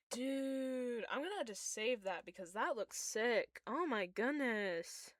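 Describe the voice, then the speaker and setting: A woman's voice: a little high, animated, slow, dry recording, studio quality. A young woman chatting casually while she draws fan art, emotional and gushing, groaning and squealing. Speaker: streamer drawing fan art. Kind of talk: casual chat while drawing.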